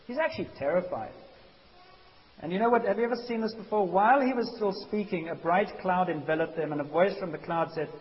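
A man preaching a sermon as a pastor, animated and conversational, acting out quotes. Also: high voice, fairly quick. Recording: dull hissy recording in a reverberant hall.

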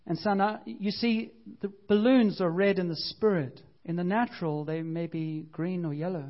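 A man's voice: high-pitched, fairly even intonation, moderate pace, highs cut off. A man pastor preaching a sermon in a conversational, earnest way that builds to fervent emphasis.

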